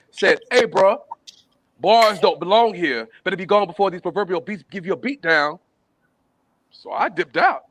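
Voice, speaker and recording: A man performing spoken word poetry at a virtual open mic, full of playful wordplay and swinging from low murmurs to raised shouts. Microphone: video call.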